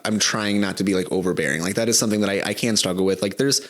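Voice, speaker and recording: A young man co-hosting a podcast in casual chat, halting often with restarts and fillers. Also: on the low side. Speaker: podcast co-host.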